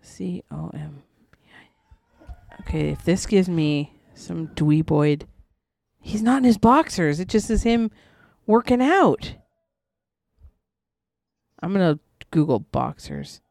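A woman's voice: fairly low pitch, very animated, slow, creaky, long pauses, darkish tone, no room sound, studio quality. A woman co-hosting a casual chat, blunt, mocking and profane.

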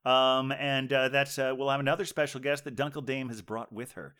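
A man's voice: mid-range voice, steady tone, fairly quick, sharp tone, clean tone. Rambling male podcast host. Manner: rambling, many fillers and restarts. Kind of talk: casual podcast chat. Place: home, remote call.

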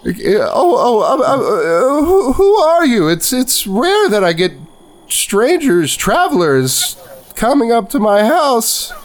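A woman's voice: a little high, very animated, slow, pitched above the performer's own voice. A man voicing a startled, stammering middle-aged country woman tending her garden. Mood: shaken. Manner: stammering, frightened.

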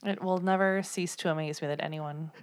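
A woman's voice: deep voice, fairly even intonation, brisk. A woman co-hosting a podcast in casual chat, teasing and saying "like" a lot. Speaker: podcast co-host.

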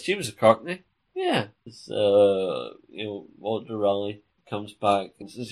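A man's voice: lowish voice, animated, slow. A man hosting his own podcast, chatting and joking in a rambling monologue. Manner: chatty, self-interrupting, jokey. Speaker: podcast host.

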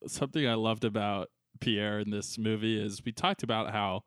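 Man, film podcast co-host, lower voice, dry close sound, relaxed, casual. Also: moderate pace, clear, resonant tone, dry recording. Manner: laid-back, joking, swears casually. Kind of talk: casual film review chat.

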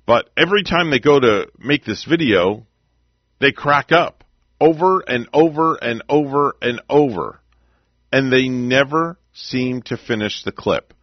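A man's voice: medium pitch, animated, unhurried, no echo, highs cut off. A man hosting a morning radio show, chatting casually with a rambling, easygoing manner. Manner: chatty, rambling, laughs along with clips.

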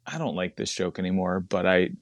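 A man's voice: low-pitched, a little fast, creaky, no room sound. A man who does stand-up comedy, chatting casually on a podcast, rambling and laughing often as he digresses.

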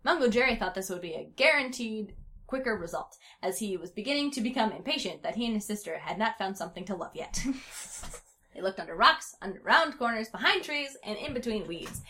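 A woman reading a story aloud in a playful, giggly way, pausing to chat. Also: medium pitch, animated, sharp tone.

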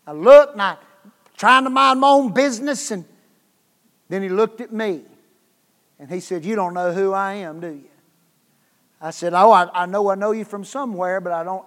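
A man preaching a revival sermon as guest preacher, telling a story that swings from hushed tones to loud bursts, with repeated words. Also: high voice. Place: church sanctuary. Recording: long hall reverb.

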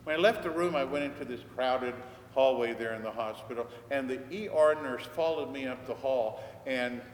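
A man's voice: mid-range voice, moderate pace. An older man, a priest, preaching a sermon as a conversational story and acting out the dialogue. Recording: echoey church hall, faint background noise.

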